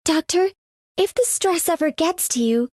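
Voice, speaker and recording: A woman voicing a caring female game character with a gently concerned, sighing delivery. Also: very high voice, lively intonation, moderate pace, no echo, clean studio sound. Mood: weary. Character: Honeyberry, caring adult woman colleague.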